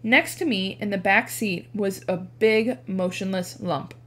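A woman reads a chapter book aloud in an expressive classroom style. She narrates steadily and lifts her voice for the dialogue. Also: unhurried. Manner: animated, changes pitch for dialogue.

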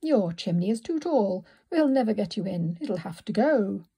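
A woman reading the part of a fussy, excitable grown man in a storybook, with brisk, exclamatory lines. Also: medium pitch, slightly rough. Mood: alarmed.

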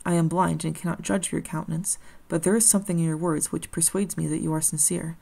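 A woman voicing a kindly, blind old man in exile who speaks in a calm, consoling, formal way. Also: low voice, quick pace, gravelly.

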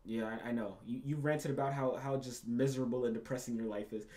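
A man's voice: mid-range voice, steady tone, fast, a little mellow. A young man hosting a reaction video, ranting casually and profanely, repeating himself and calling the listener bro.

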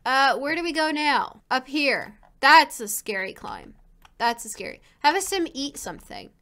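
A woman's voice: high-pitched, very animated, moderate pace, sharp tone. A woman hosting a casual let's play, commenting in a profane, exasperated, self-mocking way.

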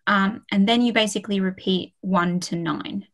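A woman's voice: mid-range voice, normal speed, low-quality recording. A young woman tutoring a beginners' French class online, chatty and encouraging, with frequent fillers. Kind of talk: online language lesson.

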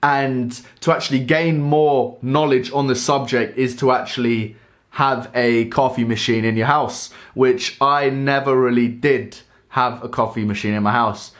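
A young man rambling excitedly while unboxing a coffee machine in a casual vlog. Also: medium pitch. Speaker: coffee vlogger.

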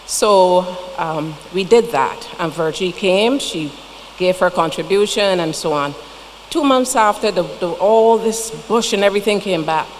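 A woman with a Barbadian accent and a lowish voice gives a funeral tribute in a church at a measured pace, telling folksy stories with chatty asides. Long church reverb and faint noise color the recording.

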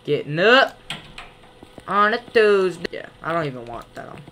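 A gaming creator playing a horror game, reading the on-screen text aloud and joking back at it, sometimes yelling playfully in tense moments. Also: medium pitch, very animated, moderate pace, slight background noise.

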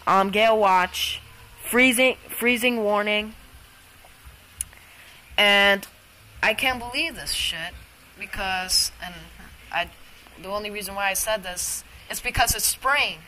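A woman filming an excited, rambling weather vlog outdoors in a storm, stumbling over words with lots of fillers. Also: medium pitch, slow pace, long pauses, a little hiss or hum, poor audio. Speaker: amateur weather vlogger.

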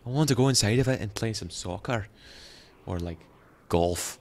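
A teenage boy giving rambling, excitable commentary while playing a video game. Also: fairly low pitch, normal speed, slight background noise. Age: teens. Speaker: gaming channel host. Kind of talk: gameplay commentary.

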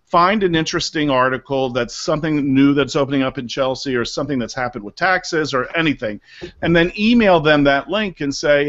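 Middle-aged guy from maryland on a video call, lively storyteller broker, kinda muffled audio. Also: fairly high pitch, normal speed. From Maryland, USA. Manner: lively, animated storytelling with acted-out asides. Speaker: real estate broker, guest. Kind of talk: interview over a live video call.

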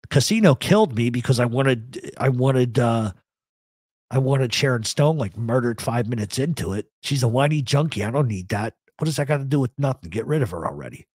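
Man, talk host, husky, dry, blunt, profane, rambling. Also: mid-range voice, lively intonation, brisk, darkish tone, no room sound. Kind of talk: live radio chat answering a chat.

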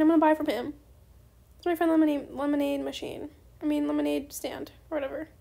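High-pitched bubbly young woman gamer. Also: fairly even intonation, vocal fry, mellow. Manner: bubbly, fast-talking, says bestie a lot. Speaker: gaming YouTuber. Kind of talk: casual gameplay commentary.

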